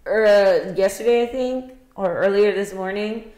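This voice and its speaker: A woman's voice: mid-range voice, unhurried, mellow, muffled recording. A woman co-hosting a casual podcast, telling a long story in a rambling way, full of fillers and restarts. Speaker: podcast co-host. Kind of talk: casual chat. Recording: roomy echo.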